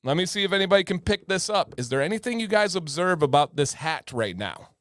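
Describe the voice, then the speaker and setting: A man's voice: high voice, sing-song, fairly quick, a bit bright, dry recording, studio quality. A man hosting a casual livestream, chatty and joking, greeting viewers by name, with a slightly sore throat. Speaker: livestream host.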